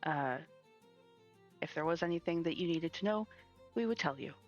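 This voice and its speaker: A woman voicing a curt male town guard in a tabletop game, brushing off questions in a quick, clipped way. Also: fairly high pitch, lively intonation, dull audio, faint music behind, lightly acted. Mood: dismissive.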